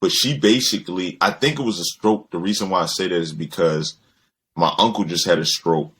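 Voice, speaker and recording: A young man, co-host of a podcast, chatting casually and telling animated stories with lots of swearing. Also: low voice, fairly quick, husky. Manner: animated storyteller, mimics people in quotes, swears freely. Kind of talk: casual chat.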